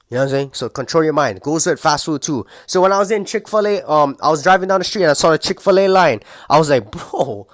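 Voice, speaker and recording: A man's voice: fairly high pitch, sing-song, fast, hardly any pauses, no echo, clean studio sound. A young man giving a casual, heated motivational rant, rambling and full of swearing. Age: young adult. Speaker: motivational vlogger.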